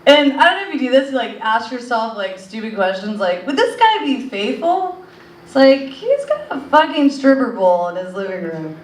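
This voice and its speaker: A young woman with a fairly high voice works through a stand-up set in a comedy club, wandering from joke to joke with plenty of "uh" and "like". The sound is roomy and a bit distant, with faint club ambience behind her. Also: big pitch swings, fairly quick, hardly any pauses. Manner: rambling, filler-heavy delivery. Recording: echoey club audio from a distance.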